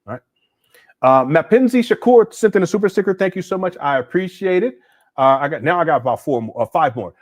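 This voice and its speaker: A man's voice: a little high, expressive, a little fast, no room sound. Blunt man hosting a livestream. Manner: blunt and critical, with frequent restarts. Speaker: host. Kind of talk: livestream commentary answering viewer chats.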